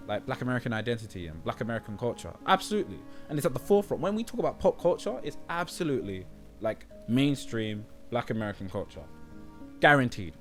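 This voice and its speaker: A young man with a British accent rambling in a casual monologue to his viewers, often checking whether he is understood. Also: mid-range voice. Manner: rambling, often asks "do you know what I mean". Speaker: YouTube creator.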